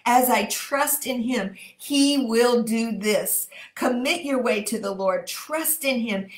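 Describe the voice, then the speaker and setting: Texan woman, prayer leader, fervent and repetitive, slightly high voice, echoey room. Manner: fervent, slows to stress phrases, repeats key words. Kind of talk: livestreamed prayer and scripture reading.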